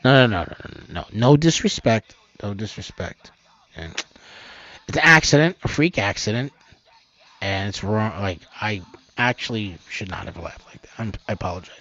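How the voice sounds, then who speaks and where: A man hosting a homemade news channel, rambling through the stories with loud outbursts and low mutters. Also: expressive, moderate pace, no echo. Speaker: host of an amateur news channel. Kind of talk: rambling off-the-cuff news commentary. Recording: dull, lo-fi, dry sound.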